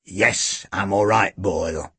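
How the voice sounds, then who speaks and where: A man voicing a gruff, heavyset middle-aged police chief who mutters and rasps with weary sternness. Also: low voice, takes it slowly, a bit bright, no room sound, pitched below the performer's own voice, heavily acted. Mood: exasperated. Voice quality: rasping, muttering. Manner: tired, stern, exasperated.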